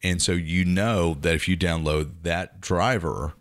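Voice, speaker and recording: A man's voice: deep voice, fairly even intonation, measured pace, dry recording, studio quality. A man co-hosting a podcast in casual tech chat, chatty, with nerdy asides and self-corrections. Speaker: podcast co-host.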